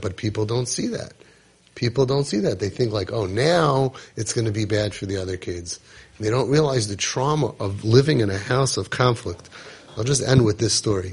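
Husky emphatic man telling a story. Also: mid-range voice. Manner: emphatic, repetitive, dramatic retelling. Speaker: parenting coach. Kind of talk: podcast storytelling talk.

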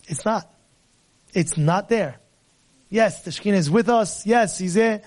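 A man telling a story in a sermon, swinging from hushed to shouting and repeating phrases for emphasis. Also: high voice. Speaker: speaker at a religious event.

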